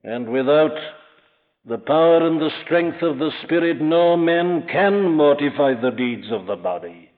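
Male preacher, fairly high voice, earnest and emphatic, direct address, narrow lo-fi tape sound. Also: expressive, a little slow. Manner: earnest, emphatic, rising to impassioned peaks. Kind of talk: sermon.

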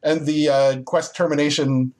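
A man's voice: a little high, normal speed. A man co-hosting a casual podcast, retelling a video game quest with lots of fillers and laughs. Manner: animated storytelling with laughs and fillers. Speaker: podcast co-host. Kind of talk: casual chat about video games.

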